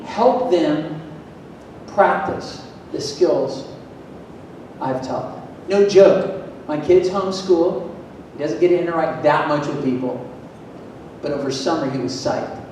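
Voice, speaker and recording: Man from Florida, motivational talk, emphatic and lively, fairly high voice, roomy echo. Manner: lively, emphatic, asks the audience questions. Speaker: motivational speaker at a school event. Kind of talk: energetic public talk to an audience. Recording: echoey hall, distant mic, faint rumble.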